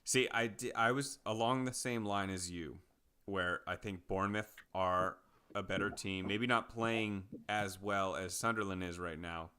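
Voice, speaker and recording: Podcast guy talking soccer bets, bright crisp voice, loose and rambly. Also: low voice, unhurried. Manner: relaxed, rambling with fillers. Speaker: podcast co-host. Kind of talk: casual sports betting chat.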